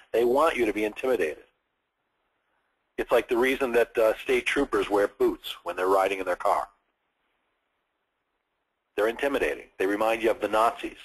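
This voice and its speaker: A man in his sixties, a sales trainer at a live seminar, lively and acting out firm phone calls as he teaches. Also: mid-range voice, slightly rough, rough recording. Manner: energetic, acts out phone calls in firm and friendly tones.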